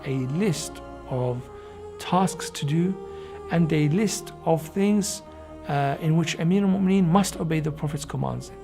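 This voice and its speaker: A man's voice: a little high, measured pace, gravelly. A man narrating religious history in an emphatic, storytelling way. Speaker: religious speaker. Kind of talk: documentary storytelling. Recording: music bed under voice. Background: background music.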